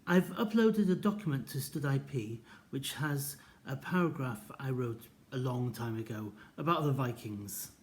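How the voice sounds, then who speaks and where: A man teaching a recorded language lesson in a mellow, slightly husky voice. He explains step by step and reads example sentences with marked intonation. His delivery is deliberate and clear. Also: medium pitch. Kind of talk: recorded lecture.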